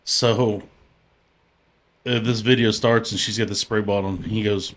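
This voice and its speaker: Low-voiced man telling stories. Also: steady tone, normal speed. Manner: swearing, storytelling, laughs often. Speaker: podcast co-host. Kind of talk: casual chat.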